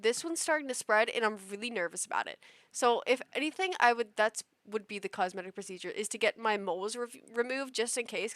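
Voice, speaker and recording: A young woman streams her game and talks to her chat in a loose, rambling way, leaning on "like" between thoughts. Her voice sits a little high and comes across bright and forceful. The sound is close and dry, from a desk mic. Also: dry recording. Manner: rambling storyteller, many "like" fillers. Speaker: live streamer. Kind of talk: casual stream chat while gaming.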